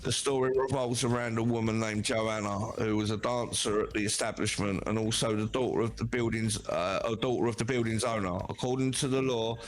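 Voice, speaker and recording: Halting man reading a horror tale. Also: on the low side, steady tone, slight background noise. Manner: halting, many "uh" fillers. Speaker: podcast host reading a horror story. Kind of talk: reading a story from prompts.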